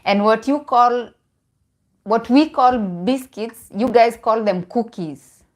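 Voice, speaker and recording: A woman's voice: a little high, slow pace. A young woman with a Kenyan accent chatting casually on a live stream, laughing often and restarting her phrases. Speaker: vlogger.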